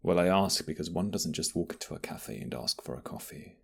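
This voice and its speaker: A man playing a husky, gravelly flirty barista in whispered role-play. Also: low voice, animated, a little fast, full character voice. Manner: flirty, teasing, soft-spoken. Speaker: ASMR roleplay voice actor.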